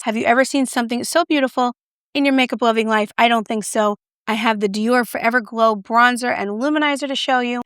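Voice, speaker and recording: A woman's voice: on the high side, a bit bright, clear, resonant tone, dry recording, clean studio sound. A woman presenting a makeup review vlog, gushing and effusive as she shows off each product. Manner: gushing, effusive, repeats "beautiful". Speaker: beauty vlogger.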